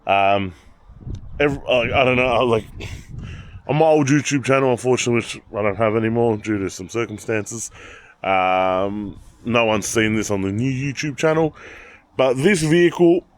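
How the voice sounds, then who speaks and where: A man with an Australian accent, chatting casually and rambling as he walks through his car collection, telling animated stories. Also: medium pitch, normal speed, dry recording. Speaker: channel host. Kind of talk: casual car walkaround vlog.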